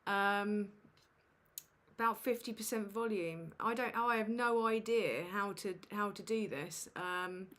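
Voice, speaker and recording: A woman's voice: mid-range voice, a little slow, a bit bright. Woman, livestream host, flustered, self-mocking, casual swearing, desk mic, home setup. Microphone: USB desk microphone.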